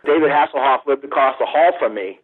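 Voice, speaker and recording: Calling in by phone, a middle-aged man who is a guest photographer spins casual, meandering stories laced with profanity and performs the voices in them. He speaks a little quickly in a mid-range, slightly breathy voice, and the line sounds tinny.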